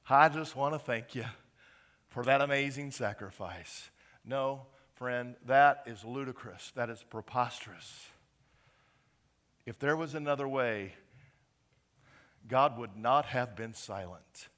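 A male pastor preaching a sermon, swinging between quiet, earnest stretches and loud, emphatic peaks. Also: medium pitch, fairly even intonation, slow, pauses often.

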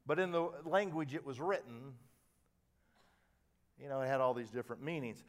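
A man's voice: medium pitch, moderate pace. Emphatic older male preacher. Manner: animated storytelling, swinging from quiet asides to loud emphatic lines; repeats and restarts words when fired up. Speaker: pastor. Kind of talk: sermon.

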